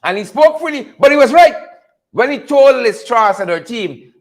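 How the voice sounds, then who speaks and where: A Guyanese man hosts a loose political talk show, his voice pitched very high for a man. He talks in repetitive, chuckling riffs and keeps calling out his viewers by name. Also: expressive, normal speed. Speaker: host of a political commentary show. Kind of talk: casual live commentary reading viewer names.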